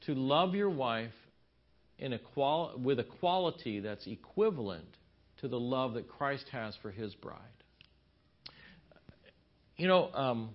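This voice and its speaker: A man in the middle pitch range teaches a church marriage seminar, telling homely stories with a folksy, conversational touch. He often restarts his sentences and adds asides as he talks to the room. The recording sounds a little dull and low in fidelity. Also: sing-song, slow pace, pauses often.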